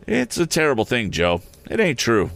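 A man's voice: mid-range voice, wildly swooping pitch, moderate pace, gravelly, a bit bright, pitched above the performer's own voice, heavily acted. A timid young boy, earnest and ashamed, pleads in a hesitant, lifted voice, as a man reading a story puts him on. The voice swoops up and down with feeling. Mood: anxious, pleading.

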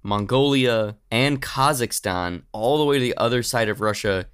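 A man's voice: medium pitch, moderate pace, fairly bright tone, clear, resonant tone. A man co-hosting a podcast, chatting in an offhand, profane way. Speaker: podcast co-host. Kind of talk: casual comedic chat.

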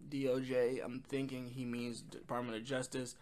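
A man's voice: medium pitch, level tone, moderate pace, a little mellow. A man casually reviewing an album, rambling with frequent ums and quoting lyrics. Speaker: music reviewer.

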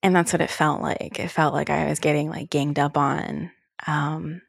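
Gravelly and low, this podcast host's voice stays level at a moderate pace. She's a young woman chatting alone, casual and candid, leaning heavily on "like" and swearing now and then, all captured in studio quality without room sound.

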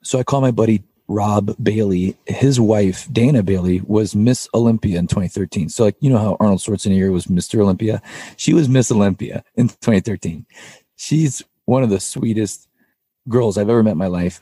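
A man's voice: fairly low pitch, dark tone, breathy edge, no echo, clean studio sound. A man, a podcast guest who sings in a metal band, tells a personal story in a casual, rambling way, full of "like" and "you know" and the odd swear word.

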